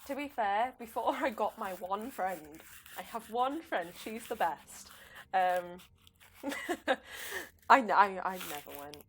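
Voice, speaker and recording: A woman's voice: mid-range voice, expressive, unhurried, a bit bright, slight background noise. A young woman, chatting and rambling with a giggle while she streams a game. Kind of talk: casual live game commentary.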